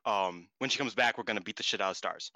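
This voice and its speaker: A man co-hosting a podcast, chatting casually and excitably, laughing and swearing, his voice jumping up in disbelief. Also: on the low side, fast talker, no echo. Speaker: podcast co-host. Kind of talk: casual chat recapping wrestling.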